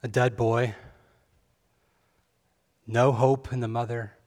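A man preaching a sermon, expressive, moving between hushed reflection and fervent emphasis. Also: mid-range voice, takes it slowly. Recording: long hall reverb.

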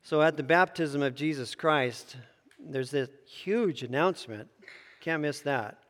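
A man leads a Bible lesson in a loose, conversational way, stopping to correct himself and add asides. His voice sits a little high. The sound rings with the long echo of a large church hall. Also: unhurried, a bit bright. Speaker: bible teacher. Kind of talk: bible teaching.

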